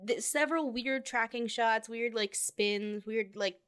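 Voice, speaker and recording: A woman co-hosting a casual movie podcast, animated, laughing often and trailing off mid-thought. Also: a little high, a little slow, smooth. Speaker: podcast co-host. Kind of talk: casual movie-review chat.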